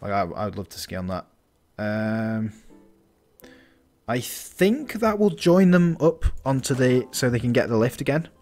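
Very animated yet measured in pace, this man has a mid-range voice with a darkish tone, backed by soft music. As a gaming channel host, he walks through a building game in casual let's-play fashion, thinking aloud and restarting his sentences.

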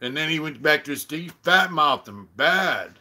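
A middle-aged man hosting a casual live-stream chat, telling a profane story and loudly acting out what others said. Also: on the high side, animated, normal speed. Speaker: channel host.

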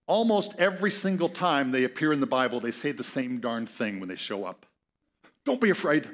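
A man's voice: fairly high pitch, a bit bright. Conversational male pastor preaching. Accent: Upper Midwest American. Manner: conversational, reads scripture aloud with asides and chuckles. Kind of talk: sermon.

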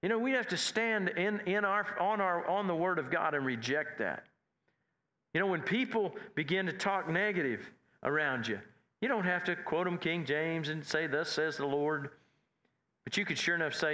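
Folksy preacher man with a bright voice. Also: lively intonation, a little fast. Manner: folksy, repetitive, builds in pitch and force as he preaches. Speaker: pastor. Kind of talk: sermon.

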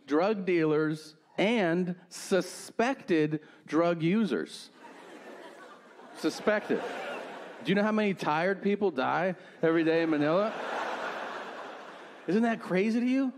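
Man, 40s, stand-up comedian, crude, deadpan storytelling, handheld stage mic, faint ambience. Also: fairly high pitch, slight background noise. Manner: brash, crude, deadpan storytelling with acted-out quotes. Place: comedy theater stage with live audience.

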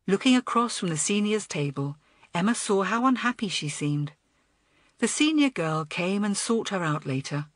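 A woman narrating a children's audiobook in an expressive, lively way. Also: medium pitch, moderate pace, no room sound. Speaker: audiobook reader. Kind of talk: storybook narration.

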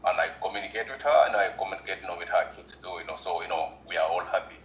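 A man's voice: low voice, animated, rapid-fire, reverberant, lo-fi sound, slight background noise. A man from Gambia, a guest on a livestream, speaking earnestly and repeating himself with lots of "you know". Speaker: guest caller. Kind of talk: casual chat.

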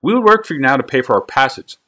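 A man voicing a lean, calm young boy who speaks steadily and loud enough for a crowd, pitched a bit higher than his own voice in a read-aloud story. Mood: calm firm. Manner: calm but loud, measured.

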